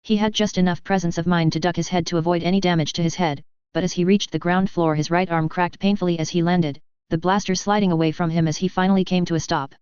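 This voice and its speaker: A narrator reading action fiction aloud in a steady, even storytelling manner, on a slightly dull recording. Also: medium pitch, quick pace, hardly any pauses, smooth, no room sound.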